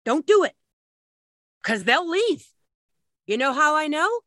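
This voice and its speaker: A woman's voice: high-pitched, sing-song, slow pace, sharp tone, dry recording, studio quality. A middle-aged woman giving a blunt, emphatic spiritual talk, swearing freely as she advises people.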